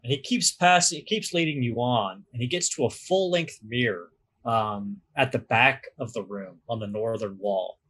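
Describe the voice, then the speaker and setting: A man narrating a tabletop game as game master, describing scenes in a measured storytelling manner. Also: mid-range voice, fairly bright tone, breathy edge.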